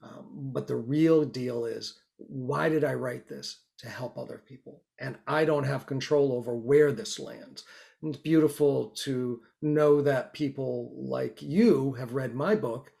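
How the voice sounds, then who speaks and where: A man hosting a conversational interview, with a gravelly, creaky texture to his voice. His voice sits at a mid pitch, and he speaks earnestly and reflectively, often restarting his sentences. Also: unhurried, warm tone. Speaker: podcast host. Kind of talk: casual interview chat. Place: New York.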